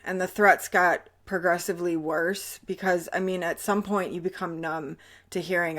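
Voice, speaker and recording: A woman hosting her own show and telling her personal story in a candid, slow, halting way that often drops quiet. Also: lowish voice, fairly even intonation. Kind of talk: personal testimony.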